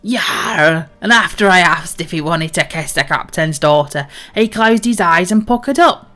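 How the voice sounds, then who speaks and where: A woman voicing a gruff old male pirate sea captain who slurs his words as if drunk. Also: fairly low pitch, expressive, a little slow, a bit bright, faint music behind. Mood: blustering. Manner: slurred pirate bluster.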